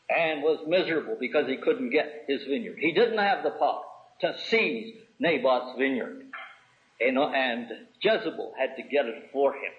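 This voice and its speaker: A man preaching an expository sermon in a measured, explanatory way, pausing often with "uh". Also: fairly high pitch. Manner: measured, explanatory, with frequent "uh" pauses. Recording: tinny phone-like recording.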